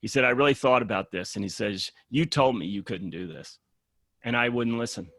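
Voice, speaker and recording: A man's voice: mid-range voice, fairly quick, gravelly, no room sound. Man telling a story, dry sound. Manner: animated storyteller acting out dialogue. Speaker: podcast guest. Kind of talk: casual storytelling interview.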